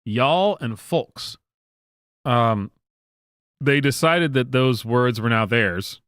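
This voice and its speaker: Southern guy ranting on his channel, smooth clear voice, dry close sound, keeps restarting and going uh. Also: medium pitch, slow pace, fairly bright tone, no room sound. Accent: Southern American. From American South. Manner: exasperated and emphatic, with frequent restarts and fillers. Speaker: commentary channel host. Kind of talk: casual opinion rant.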